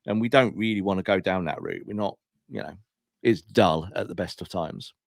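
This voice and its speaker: A man's voice: low voice, moderate pace, vocal fry, dry recording, studio quality. A man co-hosting a casual football podcast, ranting with opinions and laughing as he talks. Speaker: podcast co-host.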